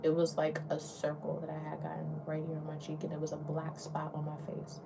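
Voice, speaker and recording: This is a young woman with a Southern US accent, a beauty influencer wandering from thought to thought in a relaxed get-ready-with-me chat. Her voice sits a little low, and now and then she drops into a soft whisper. A steady hiss of home background noise runs under her speech. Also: brisk, gravelly. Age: young adult.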